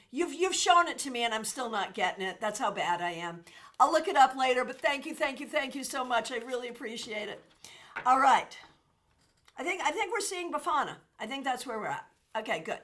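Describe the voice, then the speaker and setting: A woman hosting a casual livestream, chatting with her viewers and thanking them by name. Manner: animated, with sudden jumps in pitch and loudness. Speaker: tarot reader and livestream host.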